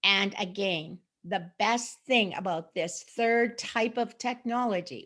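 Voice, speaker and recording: Middle-aged lady rambling about stuff she sells, chatty, keeps restarting, ordinary mid pitch. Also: a bit bright. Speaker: sock sales associate. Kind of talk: casual product talk to camera.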